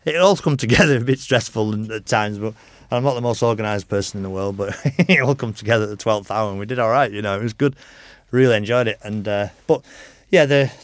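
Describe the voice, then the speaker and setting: Rambling, laughing racer telling stories. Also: male voice, lowish voice, fast, hardly any pauses, no echo. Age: middle-aged. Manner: rambling storyteller, swears casually, laughs often. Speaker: podcast guest, motorcycle racer. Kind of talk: casual interview chat.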